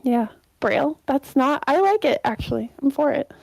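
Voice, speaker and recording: A higher-voiced woman chatting on her podcast, playful and giggly, with a rambling, easygoing flow. Her voice sits close and dry, with no room sound around it. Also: animated, moderate pace, gravelly, a little mellow, no echo, poor audio. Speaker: podcast co-host. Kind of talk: casual chat.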